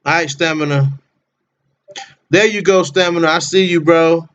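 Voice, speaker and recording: A man's voice: fairly high pitch, steady tone, moderate pace, fairly bright tone, muffled recording. A man hosting a casual livestream, chatting with viewers by name in slangy, laid-back talk. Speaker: livestream host.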